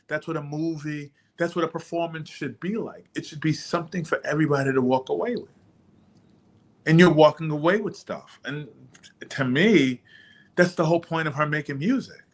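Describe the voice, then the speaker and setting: Brief: male co-host, steady explainer, somewhat high voice, casual chat. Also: moderate pace. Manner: steady, explaining, backchannels often.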